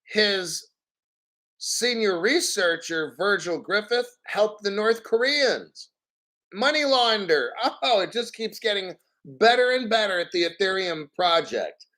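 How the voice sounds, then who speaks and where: A man hosting a casual livestream, reading out donations and ranting bluntly with lots of swearing and frequent throat clearing. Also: high voice, expressive, takes it slowly, bright, forceful tone. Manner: blunt, profane, combative. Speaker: crypto livestream host.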